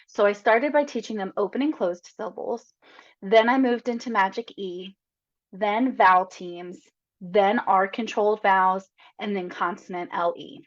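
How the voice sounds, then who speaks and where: A woman's voice: medium pitch, normal speed. Chatty woman teacher on a webinar. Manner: chatty and encouraging, tags statements with "right?". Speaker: reading teacher presenting a webinar. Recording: slightly dull lo-fi webinar audio.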